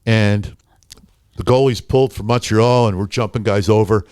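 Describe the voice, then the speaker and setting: An older man with a lowish, dry, close-miked voice tells rambling anecdotes in a podcast studio. He leans on fillers and chuckles through his stories. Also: fairly even intonation, moderate pace, darkish tone, smooth, dry recording. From Philadelphia area. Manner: laughing, rambling anecdotes with frequent "uh" and "you know". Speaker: podcast guest, hockey arena announcer. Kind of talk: casual storytelling.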